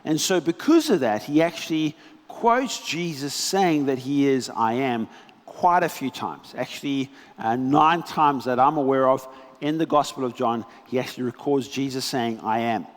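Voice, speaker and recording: A man preaching a sermon as pastor, telling scripture stories with animated, dramatic delivery and pauses. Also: mid-range voice, long reverb tail. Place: church hall.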